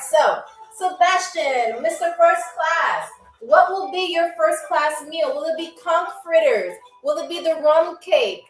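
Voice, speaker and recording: A woman's voice: high-pitched, roomy sound, far from the mic, rough recording. A woman hosting a live-stream game show, playful and chatty, talking straight to her viewers.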